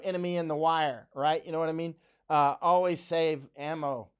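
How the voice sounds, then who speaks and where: A man's voice: a little high, smooth. A middle-aged man hosting a live stream, talking bluntly and emphatically, often repeating himself to drive a point home. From United States. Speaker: livestream host. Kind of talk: unscripted live commentary.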